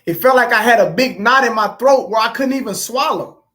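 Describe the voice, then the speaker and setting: A woman telling a live-stream audience how she grieved for her son. She speaks haltingly, repeats herself and addresses listeners as family. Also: a little high, a bit bright. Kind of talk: emotional live-stream testimony.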